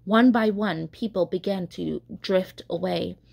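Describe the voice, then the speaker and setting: Slow, soft-voiced woman reading a story. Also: fairly low pitch, creaky. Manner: slow, careful reading with small stumbles. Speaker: children's catechist reading aloud. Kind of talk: storybook read-aloud.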